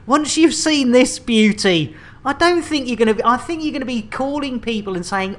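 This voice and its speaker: A man's voice: very high-pitched, lively intonation, moderate pace, fairly bright tone. A man streaming a space game, rambling and joking with repeated catchphrases. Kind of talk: live-stream commentary.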